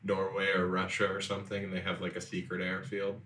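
A man's voice: sits low, monotone, brisk, sharp tone, far from the mic. A young man co-hosting a casual chat, joking and laughing a lot. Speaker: podcast co-host. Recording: roomy, away from the mic.

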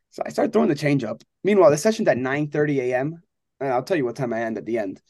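Fast-talking young man telling a story. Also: a little high, gravelly, no echo, clean studio sound. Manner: animated storyteller, acts out quotes, laughs often. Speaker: college baseball pitcher. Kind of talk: casual interview chat.

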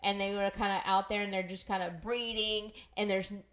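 A woman's voice: medium pitch, level tone, brisk, fairly bright tone. Woman, chatty, agreeable, laughs often, casual podcast. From Louisiana. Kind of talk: casual chat.

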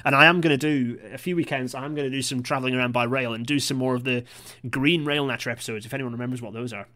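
Fast-talking man hosting a podcast. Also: mid-range voice, steady tone, pushed and bright. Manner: chatty and self-deprecating, with frequent apologetic asides. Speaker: podcast host. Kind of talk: live-streamed podcast monologue.

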